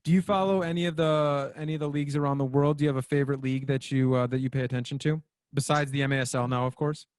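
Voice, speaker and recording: A man's voice: medium pitch, steady tone, fast talker, few pauses, a little mellow, clear, resonant tone. A man hosting an interview, chatting casually with frequent restarts. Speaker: show host.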